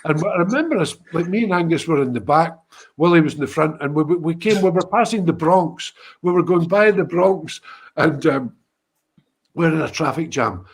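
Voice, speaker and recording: A Scottish man telling a lively anecdote in casual conversation, with frequent restarts. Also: on the high side, moderate pace, husky. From Scotland. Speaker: guest musician. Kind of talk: anecdote told in casual chat.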